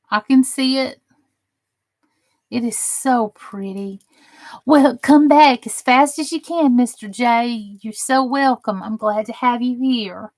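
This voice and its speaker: A woman with a high-leaning voice hosts a casual crafting live stream, chatting with viewers and gushing admiringly over the crafts she shows, tossing in chatty asides. The recording is dry.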